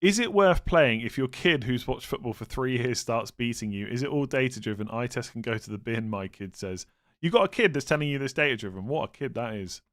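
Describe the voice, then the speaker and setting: Young male streamer, mid-range voice, relaxed chat-reading delivery with self-deprecating jokes. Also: mid-range voice, fairly quick. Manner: thinks aloud, reads chat, self-mocking humor. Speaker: streamer answering viewer questions. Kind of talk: casual live stream chat.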